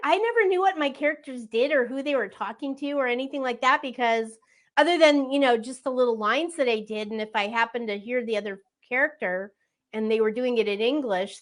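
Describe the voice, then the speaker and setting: A woman in her sixties with a youthful-sounding voice, chatting as a guest in an interview and laughing often. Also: fairly high pitch. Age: 60s. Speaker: voice actress guest. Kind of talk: casual interview chat.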